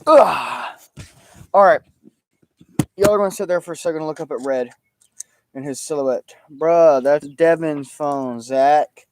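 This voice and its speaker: A man hosting a livestream from his backyard, joking loudly with his viewers. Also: fairly high pitch, a little slow, long pauses. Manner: loud, joking, calls out to his audience. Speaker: livestream host. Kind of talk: casual livestream chat. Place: outdoors in a backyard.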